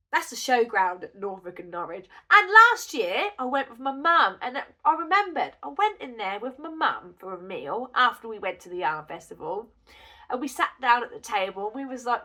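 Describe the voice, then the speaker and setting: A woman with a bright, clear, slightly high voice tells a long story in a chatty, giggly, rambling way, vlog style. She has a cold and a cough that break into her talk now and then. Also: big pitch swings, normal speed. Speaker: crochet vlogger.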